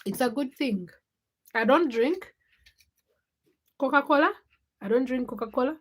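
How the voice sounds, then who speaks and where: A woman's voice: sits high, lively intonation, a little slow, breathy edge. A young woman hosting a casual late-night livestream, chatting and teasing viewers by name as she reads their comments. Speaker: livestream host.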